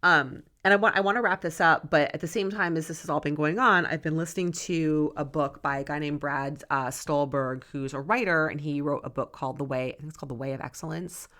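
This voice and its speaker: A woman's voice: low voice, a little fast, hardly any pauses, a bit bright. A middle-aged woman hosting a solo podcast as a weight loss coach, talking earnestly and rambling, often checking in with "right?". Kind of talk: casual solo podcast monologue.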